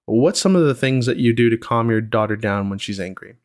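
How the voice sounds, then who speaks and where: A young man hosts a casual solo podcast, musing in a reflective, rambling way full of fillers. His mid-range voice moves fairly quickly, and the studio sound is clean with no room sound.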